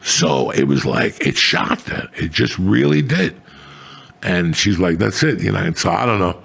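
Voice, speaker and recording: Husky middle-aged man, podcast host, crude rambling stories, animated swings in pitch. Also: a little slow. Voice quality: gravelly. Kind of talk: crude casual storytelling.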